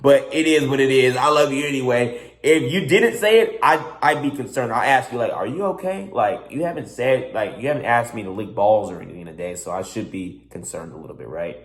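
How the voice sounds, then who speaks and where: A young man who answers family questions in a measured, thoughtful way during a casual vlog. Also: mid-range voice, echoey room. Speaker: sibling guest.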